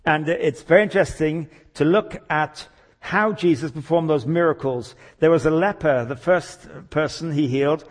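A man with a fairly high, slightly breathy voice preaches a sermon, animatedly retelling anecdotes and voicing the characters in them.

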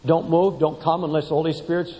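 A man preaching a sermon to a congregation, impassioned and emphatic, often rising high as he drives a point home. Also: level tone, brisk, mellow. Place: large church sanctuary. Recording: long hall reverb in a church.

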